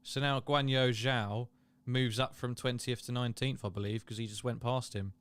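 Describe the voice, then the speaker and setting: A man's voice: mid-range voice, fairly even intonation, normal speed, a bit bright, clean tone. A man hosting a casual live watchalong, chatting and reading viewer comments aloud. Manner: chatty, reads chat aloud, laughs and exclaims. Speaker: livestream host.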